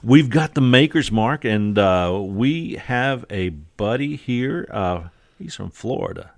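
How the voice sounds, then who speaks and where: A man's voice: on the low side, expressive, takes it slowly, vocal fry, dry recording. A man hosting a casual podcast, joking with friends and using many fillers. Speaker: podcast host.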